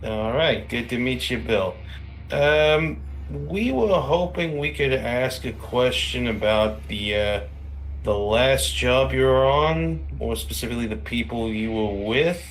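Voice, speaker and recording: A man's voice: medium pitch, expressive, takes it slowly. A man playing a tabletop game, chatting casually and sardonically and swearing now and then. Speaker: player.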